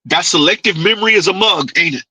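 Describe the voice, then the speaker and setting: A man's voice: sits high, quick pace, pushed and bright, slightly rough, no room sound, low-quality recording. A man hosting a livestream, giving mocking reaction commentary with sarcastic repetition and frequent laughter. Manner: sarcastic, laughs often, repeats lines in ridicule.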